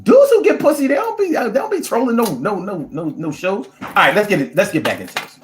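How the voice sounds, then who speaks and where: A man hosting a casual show, talking to a live chat with animated, profane ranting, in a roomy-sounding space. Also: sits high, a little fast, a little hiss or hum. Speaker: show host. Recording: roomy echo.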